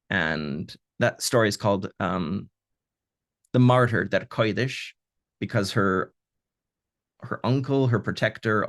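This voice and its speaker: A man who translates old pulp fiction, giving an online talk in a thoughtful, hesitant way with many pauses and fillers, heard over a video call. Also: lowish voice, vocal fry, no echo, clean studio sound. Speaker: translator leading a community reading. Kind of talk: online lecture with reading.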